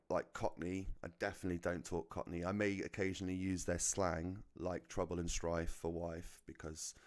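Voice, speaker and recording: A British man with a deep, low voice and a neutral, slightly posh-sounding accent talks casually while streaming a racing game. He rambles through tangents, drops the odd swear word and chuckles at his own jokes. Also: a little mellow, smooth. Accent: neutral British English. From United Kingdom. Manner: chatty, swears freely, laughs at own jokes. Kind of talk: casual chat while gaming.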